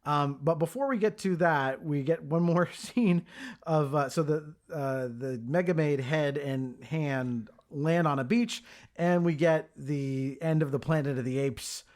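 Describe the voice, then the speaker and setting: A man's voice: on the high side, measured pace. A man in his thirties hosting a podcast, recapping a film in a casual chat with plenty of filler words. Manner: chatty, lots of ums and uhs. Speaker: podcast host.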